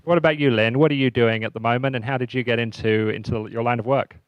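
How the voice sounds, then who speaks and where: A man's voice: medium pitch, steady tone, fast talker, smooth. A man moderating a panel, asking questions with hesitant fillers. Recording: dry, slightly dull lo-fi sound.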